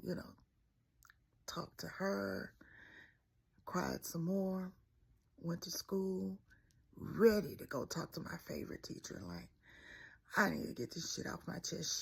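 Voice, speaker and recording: A woman's voice: on the low side, gravelly, slightly rough. A young woman from Mississippi, telling a personal story in a candid, emphatic way.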